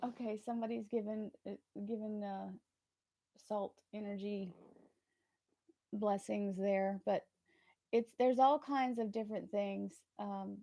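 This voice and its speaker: A woman hosting a tarot livestream, talking earnestly and warmly about trust and spirit, often laughing between thoughts. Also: medium pitch, fairly even intonation, unhurried, gravelly, pauses often, no echo. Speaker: tarot reader and channel host. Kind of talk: casual livestream chat.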